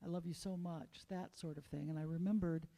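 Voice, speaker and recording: A woman from Arkansas, a church singer, telling a tender personal story in a soft, quickening voice in a church sanctuary. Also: on the low side, fairly even intonation, big-room sound. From Arkansas, USA. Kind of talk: personal story, then song. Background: instrumental accompaniment.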